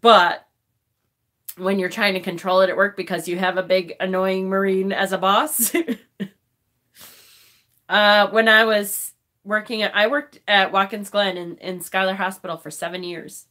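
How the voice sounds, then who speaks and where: A woman's voice: mid-range voice, flat delivery, a little slow, long pauses, bright, forceful tone. A woman in her forties chatting on a live stream, emotional and tearful, laughing and swearing often. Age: 40s. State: crying. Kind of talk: casual live-stream chat. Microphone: phone.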